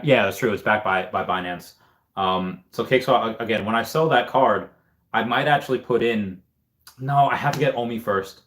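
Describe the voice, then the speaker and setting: A man hosting a casual livestream, reading chat comments aloud and thinking out loud in a rambling way. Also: on the low side, normal speed. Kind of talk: casual live-stream chat.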